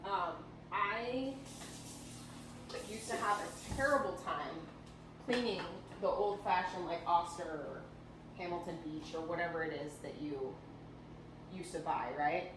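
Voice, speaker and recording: A woman's voice: fairly low pitch, measured pace. Woman, cooking demo host, chatty explainer, frequent ums, roomy kitchen echo, kitchen noise behind. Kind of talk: casual cooking demonstration. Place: home kitchen. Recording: echoey kitchen with background noise.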